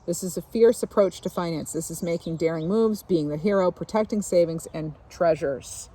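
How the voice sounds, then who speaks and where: A woman giving a casual tarot reading, musing aloud in a relaxed way and often pausing on fillers as she takes in impressions. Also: lowish voice, slightly rough. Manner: musing, intuitive, many fillers and asides. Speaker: tarot reader. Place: outdoors.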